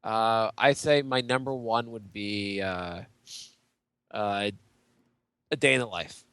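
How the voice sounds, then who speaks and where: A man co-hosting a podcast in casual, animated, jokey chat. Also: on the low side, takes it slowly, clear, resonant tone, no echo. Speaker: podcast co-host.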